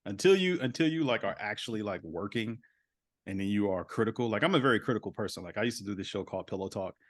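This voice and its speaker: A man's voice: lowish voice, expressive, fast talker, no room sound, clean studio sound. A man in his thirties, a voice actor guest on a podcast, talking casually and rambling with lots of "like" and "you know.".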